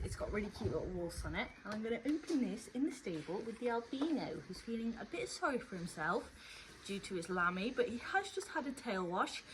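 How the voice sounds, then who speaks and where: A woman's voice: mid-range voice, background noise. A woman vlogging from her stable, talking fondly and teasingly to her horses and viewers. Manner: fond, teasing, mock-stern talk to horses. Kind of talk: casual vlog chat to horses and viewers.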